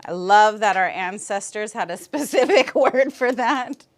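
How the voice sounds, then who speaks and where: A woman teaching a language class, patiently modeling words and repeating them slowly for her students. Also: mid-range voice, expressive.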